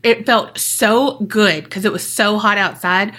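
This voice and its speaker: A woman's voice: mid-range voice, a little slow, bright, forceful tone. A woman co-hosting a podcast in a casual, chatty way, laughing often and talking straight to listeners. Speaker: podcast co-host. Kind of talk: casual chat.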